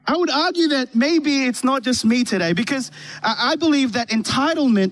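Guy preaching on a church stage, pretty high voice, animated story, keeps restarting lines. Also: quick pace. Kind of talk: sermon.

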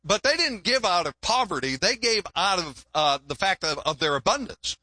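An older male pastor preaching in a folksy, joking way and often repeating words. His voice sits high and bright, and the sound is dry and close. He mixes humor with teaching. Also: very animated, normal speed, no room sound. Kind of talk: sermon.

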